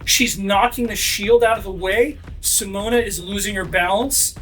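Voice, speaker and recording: A game master narrating a sword fight at the table, his voice pitched high for a man. He drives the action hard, bursting into sound effects, with faint music underneath. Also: normal speed. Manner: energetic, with shouted sound effects.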